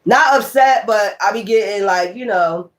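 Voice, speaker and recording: Woman tarot reader going off, cussing nonstop, fired up and blunt, mid-pitch voice. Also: moderate pace. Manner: heated, blunt, heavy cursing. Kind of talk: casual profane rant to viewers.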